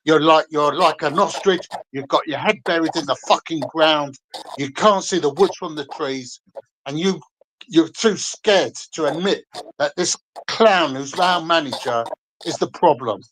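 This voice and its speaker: A guest caller on a fan stream, this man rants angrily at another fan, swearing and combative. His voice is fairly high, a little slow and a bit bright, and the poor audio carries slight background noise.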